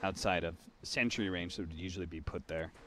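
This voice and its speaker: A man casting an esports match, with lively play-by-play and wry banter with his co-caster. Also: low-pitched, a little fast. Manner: lively, bursts into hype on big plays, wry banter. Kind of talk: play-by-play commentary.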